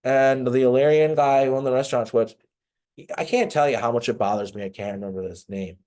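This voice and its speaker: A man's voice: mid-range voice, brisk, a little mellow. Profane, rambling man telling a story. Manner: loose and profane, many fillers and restarts. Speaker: podcast guest. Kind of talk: casual storytelling.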